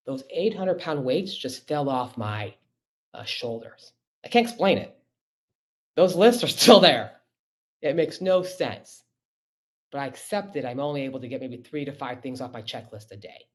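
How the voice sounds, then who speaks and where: A middle-aged man speaks through a computer mic on a webinar, at a medium pitch. He talks in a loose, conversational way, pressing hard on key points and tossing in "right?" to check in with listeners. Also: a little mellow. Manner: conversational, emphatic, repeating rhetorical questions. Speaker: physician giving a webinar. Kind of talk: webinar talk.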